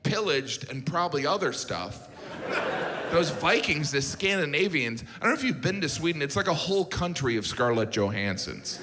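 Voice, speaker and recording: A middle-aged man doing stand-up comedy on stage, with a deadpan delivery and mock-incredulous asides. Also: fairly high pitch, normal speed, crowd noise. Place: large theater stage with a laughing audience. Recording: live hall reverb, loud audience noise.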